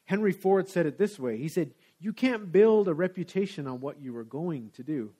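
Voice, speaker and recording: A man's voice: a little high, animated, brisk, darkish tone. A man preaching a sermon in a church, talking in a conversational, casual way. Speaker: pastor. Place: church sanctuary.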